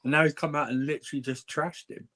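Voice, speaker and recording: A man co-hosts a casual football chat, throwing in jokes and teasing the others with plenty of laughter. His voice sits a little higher than most men's. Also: fairly even intonation, fast talker, fairly bright tone. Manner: jokey, teasing, laughs a lot. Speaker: co-host.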